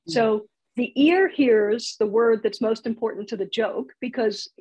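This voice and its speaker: A woman's voice: a little high, unhurried, darkish tone, husky, low-quality recording. A woman teaching comedy writing in a casual online workshop, chatty and laughing at her own examples, heard over a video call.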